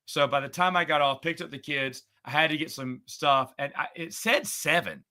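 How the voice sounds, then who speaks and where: A middle-aged man in casual chat, a podcast host who talks in a sarcastic, chatty way and gets animated when retelling a story. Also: fairly high pitch, moderate pace.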